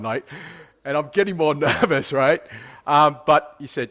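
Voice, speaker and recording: Male preacher, slightly high-pitched, relaxed storytelling sermon full of fillers and tag questions. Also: a little slow, long pauses.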